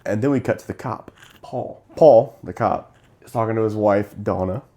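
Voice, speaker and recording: A young man with a somewhat low voice co-hosts a casual movie review chat. He retells scenes with animated energy, slipping into the characters' lines as he goes. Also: moderate pace. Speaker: podcast co-host.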